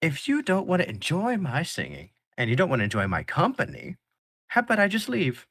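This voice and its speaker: A man voicing a large, offended male bar singer in a tabletop game, talking high and loud. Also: wildly swooping pitch, fairly quick, dry recording, exaggerated voice. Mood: huffy. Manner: indignant, huffy.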